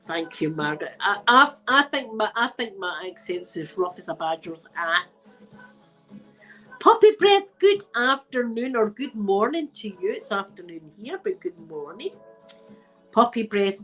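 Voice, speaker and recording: Scottish woman, mid-pitched, stuffy-nosed, rambling live-chat host, faint music behind. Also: expressive, measured pace, sharp tone, rough recording. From Scotland. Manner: chatty, rambling, swears casually, laughs often. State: blocked nose. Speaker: ASMR channel host. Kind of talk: casual livestream chat, answering viewers. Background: faint music playing.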